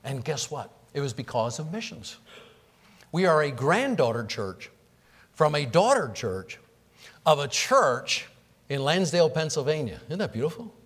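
A man's voice: fairly high pitch, sing-song, a little slow, fairly bright tone, breathy edge, in a large hall. A man preaching a sermon as pastor, building to emphatic surges and repeating words for emphasis. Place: church sanctuary.

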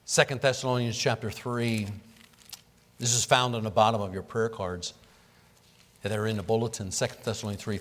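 A man's voice: lowish voice, fairly even intonation, a little fast, long pauses, a bit bright, in a large hall. A man preaching a sermon as pastor, building to emphatic surges and repeating words for emphasis. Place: church sanctuary.

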